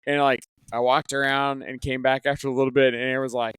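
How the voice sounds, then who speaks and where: A man's voice: mid-range voice, little pitch movement, quick pace, a bit bright, smooth, dry recording. A man telling tournament stories in casual podcast chat, rambling with many fillers and restarts. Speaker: tournament organizer, guest. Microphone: headset.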